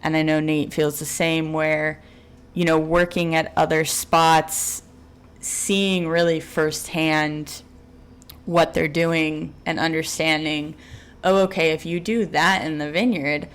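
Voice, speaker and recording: A woman who works as an assistant winemaker answers in a measured, casual way with frequent ums and you knows. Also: sits low, little pitch movement, clean tone. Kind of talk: casual podcast interview.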